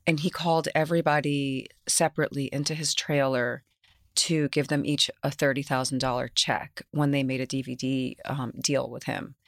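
A woman's voice: a bass voice, little pitch movement, moderate pace, no echo, studio quality. A woman from New York with a New York accent, a guest actress in an interview who tells candid stories, laughs often and acts out what people said. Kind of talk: casual interview storytelling.

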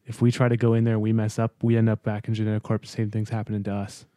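A man playing a lizard-man test subject in a tabletop role-play, earnest and stammering as he pleads. His voice is low and mellow. It is recorded close and dry. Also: completely flat delivery, racing, dry recording, close to an everyday voice.

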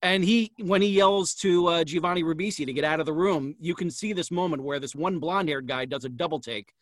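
A man's voice: on the high side, fairly quick, fairly bright tone, dry recording. A middle-aged man hosting an interview, asking long, meandering questions. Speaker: host. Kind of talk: casual interview chat.

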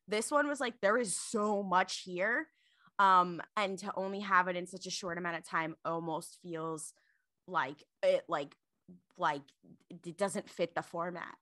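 A woman co-hosting a casual review podcast, talking in an animated way with lots of fillers. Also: medium pitch, dry recording. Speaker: podcast co-host.

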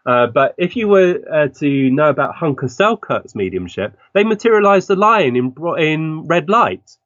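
A man, a guest on an interview, telling animated stories and acting out the voices of people in them. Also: on the high side, moderate pace, no room sound. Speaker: guest medium. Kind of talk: interview storytelling. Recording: dull, dry lo-fi recording.

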